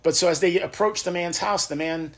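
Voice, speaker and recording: A man's voice: sits high, fairly even intonation, fairly quick, a bit bright. A young adult man co-hosting a podcast, telling a story with feeling in a casual chat. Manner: emotional storyteller, acts out quoted lines. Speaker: podcast host.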